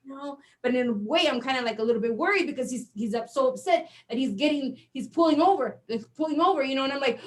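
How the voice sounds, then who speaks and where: Animated middle-aged woman doing stand-up. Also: high voice, fast. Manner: animated storytelling, acts out dialogue. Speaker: stand-up comedian. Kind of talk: stand-up comedy set.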